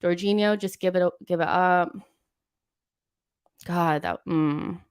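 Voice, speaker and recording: Exasperated woman venting, low and dry. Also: steady tone, slow, long pauses, clear, resonant tone, dry recording. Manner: exasperated, venting and reading viewer messages. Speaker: host of a football watchalong stream. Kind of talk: live watchalong commentary and chat.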